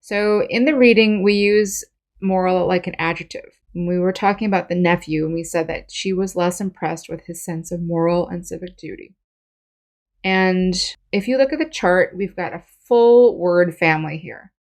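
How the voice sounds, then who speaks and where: A woman with a fairly low voice teaches English vocabulary. She explains each word patiently, step by step, with examples and plain rephrasings. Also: normal speed, a little mellow. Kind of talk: vocabulary lesson.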